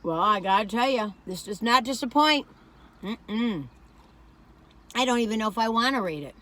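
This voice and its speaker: A woman's voice: fairly high pitch, animated, normal speed, sharp tone. A woman from the northern United States chatting emphatically and rambling while taste-testing a dessert for her vlog. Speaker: vlogger. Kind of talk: casual food review chat.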